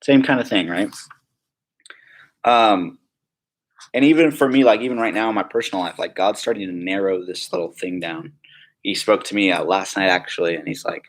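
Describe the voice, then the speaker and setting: A man leads a prayer-school class in an easygoing, conversational way. His voice sits a little low, and he jokes with the room and keeps asking if they follow. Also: normal speed, long pauses. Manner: chatty, joking, full of "like" and "right?". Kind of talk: casual classroom teaching.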